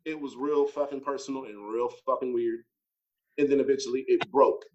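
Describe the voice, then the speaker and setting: A man's voice: medium pitch, fairly even intonation, fairly quick, darkish tone, highs cut off. A man telling a story in a casual, blunt, profane way, acting out his own reactions as he goes.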